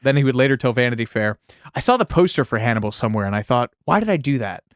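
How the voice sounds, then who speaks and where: A man's voice: mid-range voice, expressive, quick pace, no echo, clean studio sound. A man co-hosting a casual podcast, reading out film history with wry, sarcastic asides. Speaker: podcast co-host.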